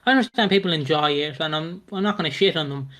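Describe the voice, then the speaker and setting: A man's voice: fairly high pitch, quick pace, a bit bright. A man co-hosting a casual TV review podcast, frank and rambling. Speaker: podcast co-host. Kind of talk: casual chat.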